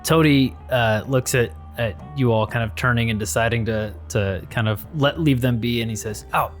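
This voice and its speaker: A man at a mid-height pitch runs a tabletop game as game master. He narrates the scene in a rambling way, circling back and filling gaps with ums and uhs. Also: normal speed, faint music behind. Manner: rambling, with frequent fillers and restarts.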